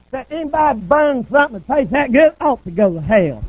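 A man's voice: extremely high pitch, very animated, brisk, slightly rough. A man preaching a sermon in a folksy, humorous storytelling manner. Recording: dull lo-fi recording.

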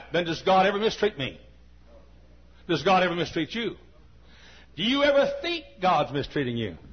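Husky preacher on a dull lo-fi tape. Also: male voice. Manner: swings from low confiding talk to shouted peaks. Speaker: pastor. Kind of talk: sermon. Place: church. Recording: dull lo-fi recording.

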